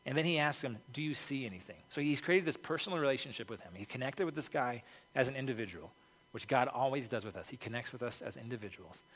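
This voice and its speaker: A man preaches a conversational sermon as pastor, informal and peppered with "okay" and "like." His mid-range voice is animated, fast, and a bit bright, recorded in a reverberant hall.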